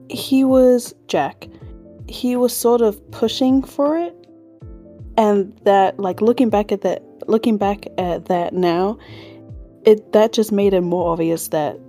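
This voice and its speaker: A woman's voice: on the low side, dark tone. A young adult woman, reflectively recounting past events in casual chat.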